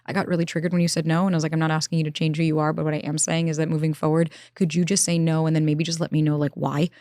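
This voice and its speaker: Woman, relationship expert, rapid talk, low-ish voice, dry close sound. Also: no echo. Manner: animated, acts out her own inner dialogue. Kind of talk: conversational storytelling. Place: studio.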